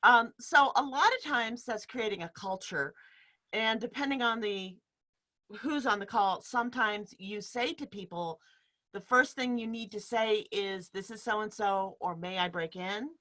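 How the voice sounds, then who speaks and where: Workshop leader, woman, bright voice, explains by demonstrating, laughs easily, heard over a video call. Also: mid-range voice, moderate pace. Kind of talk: teaching a live online workshop. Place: home room in front of a bed sheet.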